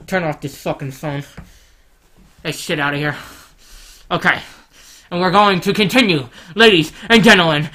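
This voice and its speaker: A man giving comedic gameplay commentary in a brash, profane, mock-rude manner, swinging between loud boasts and mumbled asides. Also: sits high. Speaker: guest gamer.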